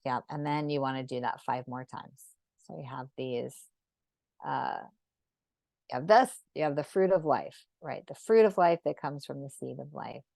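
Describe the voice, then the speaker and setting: A woman leading a live online geometry drawing lesson, speaking gently and unhurriedly and often checking in with "right?". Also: a bass voice, moderate pace, creaky, no echo. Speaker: sacred geometry teacher.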